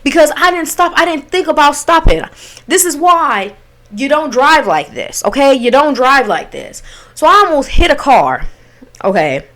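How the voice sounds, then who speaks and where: A young woman with a fairly high voice spills a storytime vlog in loose, slangy talk. She is animated and keeps turning to her viewers as if they were friends on the couch. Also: normal speed. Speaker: vlogger telling a storytime.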